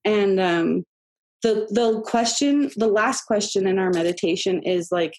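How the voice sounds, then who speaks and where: A woman in her thirties, a podcast guest being interviewed, tells a personal story in a chatty, animated way, full of fillers and laughs. Her voice is mid-range and she speaks a little slowly.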